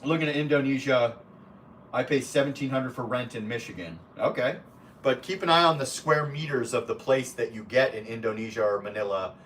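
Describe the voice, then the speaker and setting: A man's voice: mid-range voice, brisk, a bit bright, distant mic, a little hiss or hum. A man live streaming in a casual way, reading chat comments aloud and talking bluntly with plenty of swearing and rambling asides.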